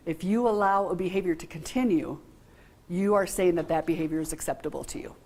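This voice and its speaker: Woman trainer, lower voice, plain-spoken, chatty and direct with the group. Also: quick pace, darkish tone. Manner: frank, conversational, asks the room questions. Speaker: workshop trainer. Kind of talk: informal training talk to a group.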